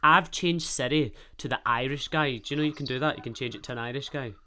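Speaking fast in a pushed, bright medium-pitched voice, this Scottish man with a Glasgow accent hosts a relaxed solo podcast. He rambles on, swearing and poking fun at himself.

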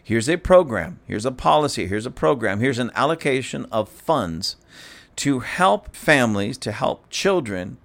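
A man's voice: mid-range voice, very animated, unhurried, vocal fry, a bit bright. A man hosting casual political commentary, speaking to his audience, mocking and keeps breaking into laughter.

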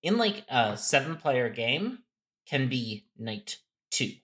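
A man co-hosting a casual podcast about a social deduction game, with a bright, ringing voice at an ordinary pitch. He thinks out loud, with fillers and false starts as he works through a rules problem. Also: sing-song, takes it slowly. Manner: explanatory, thinks aloud with fillers and restarts. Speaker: podcast co-host. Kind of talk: casual game strategy chat.

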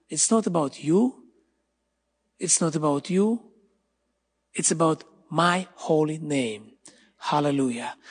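A man's voice: high-pitched, gravelly, a little mellow, husky. A man preaching a sermon in a church, emphatic, repeating his phrases and often calling out hallelujah. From Israel. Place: church hall. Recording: large hall with long reverb and faint music.

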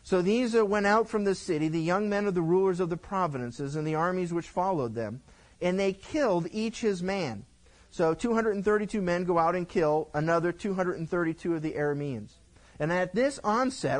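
A man pastor teaching the Bible verse by verse, retelling the story with lively, acted-out lines for its characters. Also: sits high, low-quality recording.

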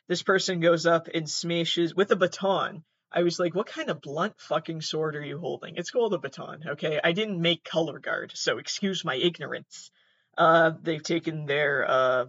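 A podcast host with a higher, slightly bright voice reacts to online clips in casual commentary, rambling, swearing, sounding exasperated and restarting his sentences often. The recording is dull, muffled and dry, with no room sound.

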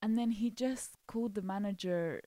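A young woman hosts a casual podcast chat and tells her stories with animated retellings. Her voice sits at a middle pitch. It sounds close and dry, with no room echo. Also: normal speed. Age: young adult. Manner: animated, acts out quotes, laughs often. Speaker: podcast host.

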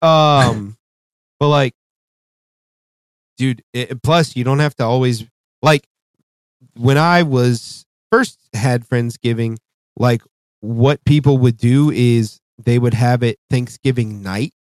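A man's voice: mid-range voice, takes it slowly, pauses often, no room sound. Tired, profane male podcast co-host. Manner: profane, rambling. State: tired, yawning. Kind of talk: casual podcast chat.

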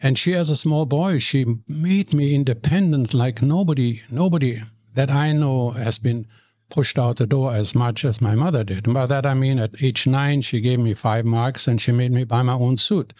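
An older man with a German accent tells stories with animated warmth, joking and poking fun at himself. He sits at a middle pitch. The recording is dry and close, with no room sound. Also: normal speed, no room sound. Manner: animated storyteller, jokey, self-deprecating. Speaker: guest, radio regular. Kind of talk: interview storytelling.

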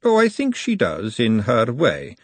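A man's voice: medium pitch, huge pitch swings, unhurried, no echo. A man playing a refined, coolly clever woman. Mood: poised. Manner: precise and crisply formal. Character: refined, cool, clever middle-aged woman.

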